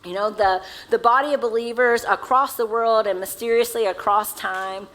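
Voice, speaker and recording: A woman's voice: a little high, steady tone, normal speed, fairly bright tone, poor audio. A woman pastor with a Southern accent, preaching a sermon in a casual, conversational way and asking the congregation questions. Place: church sanctuary.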